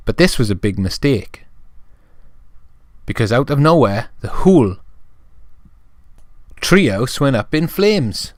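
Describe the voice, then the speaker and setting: Guy telling a toy story for kids, animated singsong voice, super dry close sound. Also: mid-range voice, takes it slowly, long pauses, no room sound. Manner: chatty, addressing young viewers. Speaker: toy video narrator.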